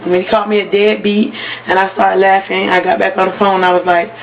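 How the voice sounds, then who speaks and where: A woman's voice: mid-range voice, quick pace. Woman vlogger telling a story, lo-fi. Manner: animated, acts out quoted voices. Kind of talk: casual storytelling to camera. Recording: dull lo-fi webcam audio with faint hiss.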